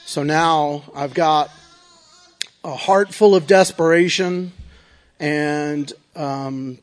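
A man's voice: a little high, extremely slow. A man giving a personal recovery testimony in an earnest, confessional way, often checking in with "right?". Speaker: recovery speaker.

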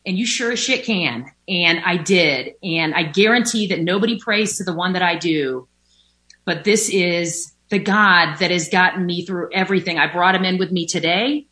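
Woman, recovery testimony, candid and conversational, lowish pitch, forceful tone. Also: normal speed. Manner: candid and conversational, with frequent fillers and occasional swearing. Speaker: recovering alcoholic sharing her story. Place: at home by a sunny window.

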